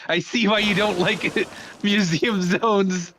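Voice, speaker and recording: High-voiced slow-talking man. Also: steady tone, fairly bright tone, a little hiss or hum. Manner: giggly, slow drawl. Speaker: co-streamer. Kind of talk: casual gaming chat.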